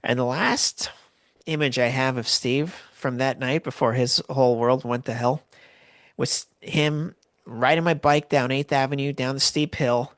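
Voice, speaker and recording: A Canadian man telling a story in a loose, rambling way, full of "like" and false starts. His voice sits at an ordinary middle pitch and sounds dry and close, with no room around it. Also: no echo. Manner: rambling, lots of "like" and restarts. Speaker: podcast host. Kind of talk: casual storytelling.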